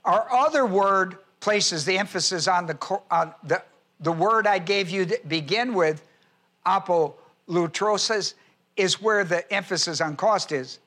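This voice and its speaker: A male preacher with a high, bright voice teaches a sermon. He spells out words and cites scripture references in a teaching tone, slowly repeating key phrases for emphasis.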